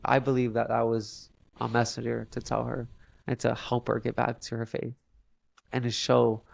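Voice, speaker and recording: A young man, a podcast guest, telling a long story in a halting way with many fillers and restarts. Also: medium pitch, monotone, creaky, no room sound. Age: young adult. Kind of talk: casual storytelling interview.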